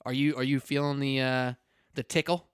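A man in the host's chair of a casual sports podcast, talking loosely and joking, with plenty of restarts and asides. His voice is smooth and resonant, recorded dry and close with no room sound. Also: medium pitch, flat delivery, normal speed, no echo. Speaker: podcast host. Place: indoors at a table with a co-host.

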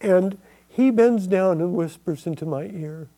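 A man earnestly telling his own near-death story in a slow, emotional testimony. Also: sits high, warm tone. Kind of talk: personal testimony.

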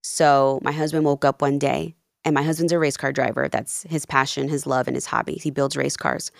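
A woman's voice: very deep voice, moderate pace, creaky, dry recording, studio quality. A woman in her thirties, a life coach, telling her story in a casual interview and acting out the dialogue. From Peru and New Jersey. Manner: animated, acts out quoted dialogue. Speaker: podcast guest, life coach.

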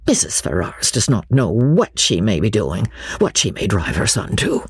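A woman reading an audiobook, voicing a calm, earnest middle-aged gentleman who speaks with grave compassion. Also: very deep voice, moderate pace, husky, no room sound, studio quality, voice pushed down, exaggerated voice.

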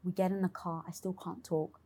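A woman's voice: on the low side, brisk, slightly rough. A young adult woman in an interview, telling a candid personal story with lots of swearing and acted-out inner dialogue. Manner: expressive, swears freely, acts out her own inner dialogue. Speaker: interview guest.

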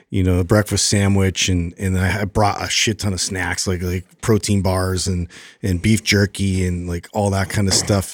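A man co-hosting a podcast, telling a long story in a casual, rambling way with many fillers and animated retellings. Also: sits low, no room sound, clean studio sound. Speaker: podcast co-host.

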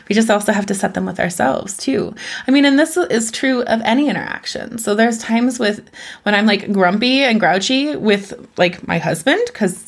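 Female guest expert, earnest and conversational, quick to laugh, middle pitch. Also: animated, gravelly, breathy edge. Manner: earnest, often laughing between points. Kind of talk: casual conversation.

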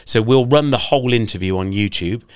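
A man's voice: mid-range voice, fairly quick, dry recording. Guy cohosting a podcast, joking around, mid voice, dry close mic. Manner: chatty, jokey, laughs often. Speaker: podcast co-host and show interviewer. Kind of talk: casual chat.

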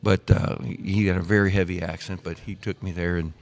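Older man, low voice, from Missouri; chatty podcast guest spinning long anecdotes with restarts. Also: level tone, a little fast, gravelly. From Missouri, USA. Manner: rambling, with many restarts and quoted dialogue. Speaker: guest, former pro soccer player. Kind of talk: casual storytelling interview.

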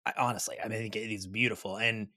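Guy co-host rambling through a recap, excited, dry close mic. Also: on the low side, very fast, dry recording. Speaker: podcast co-host. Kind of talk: casual chat.

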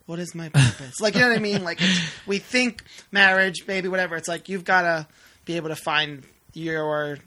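Podcast co-host, male, bright tone, lively and chatty, quotes scenes with a laugh, dry close mic. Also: high voice, normal speed, no echo. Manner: animated, quotes characters with laughing asides. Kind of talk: casual movie chat.

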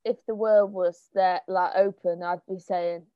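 A woman's voice: lowish voice, fairly even intonation, a little slow, clean tone, dry recording. Woman musician chatting, blunt and dry humored, dull dry sound, faint music. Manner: blunt, wry, a bit stressed. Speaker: musician guest. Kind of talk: casual chat.

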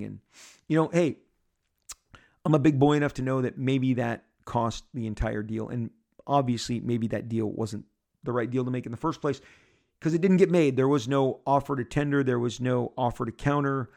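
A man hosting a podcast, telling a story in a casual, rambling way with many asides, jumping up high in pitch when he acts out what people said. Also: moderate pace, gravelly. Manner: excitable, acting out quotes with big jumps up in pitch. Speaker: podcast host.

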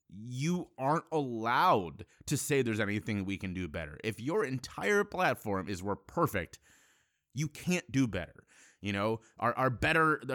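A man's voice: mid-range voice, fairly bright tone, dry recording, studio quality. A man delivering a heated, blunt solo monologue as a podcast host, swearing freely and breaking off to restart his sentences. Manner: impassioned, blunt, profane, halting restarts.

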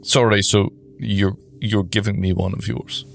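Gravelly low-voiced man player. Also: fairly even intonation, measured pace, soft background music. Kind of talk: casual chat at a game table.

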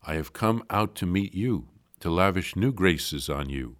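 A calm, tender Jesus, voiced by a man reading a devotional book. His voice sits deep and low, and he speaks softly and slowly. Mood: gentle, comforting. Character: Jesus, gentle and tender-hearted divine man.

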